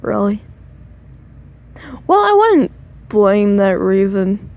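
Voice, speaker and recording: Tired yawny woman reading fanfic out loud on her phone, slow and mellow, trips on words and chats about it. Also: medium pitch, big pitch swings. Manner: breaks off to comment and laugh at the text, stumbles over words. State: sleepy, yawning. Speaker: reader of fan fiction. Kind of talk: reading a second-person story aloud with asides. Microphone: phone microphone.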